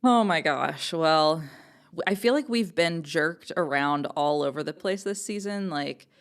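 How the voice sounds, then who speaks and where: A woman co-hosting a casual podcast, her voice among the lowest for a woman. She is chatty and giggles often, her talk full of fillers. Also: unhurried. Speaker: podcast co-host.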